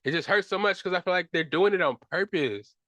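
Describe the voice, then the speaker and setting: A young man talks on his own sports podcast and rants with frustration, swearing and slang coming out as he goes. His voice sits a little high for a man. The sound is dry and close, with no room around it. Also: a little fast, pushed and bright, dry recording. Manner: frustrated ranting, casual profanity and slang. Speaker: podcast host. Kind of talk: solo sports talk.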